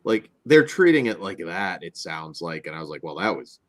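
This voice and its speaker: Male podcast co-host, hoarse, lively pitch, trails off into mutters. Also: moderate pace. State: voice going hoarse. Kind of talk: casual banter.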